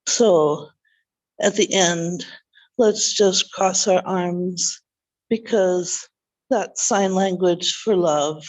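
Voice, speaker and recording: Very slow, gentle woman. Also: lowish voice, steady tone, rough recording. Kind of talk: speaking to a congregation.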